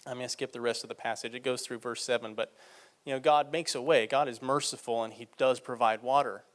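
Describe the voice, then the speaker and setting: A man preaching a sermon, reading scripture aloud and explaining it in a conversational way, slowing down and getting louder for emphasis. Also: medium pitch, steady tone.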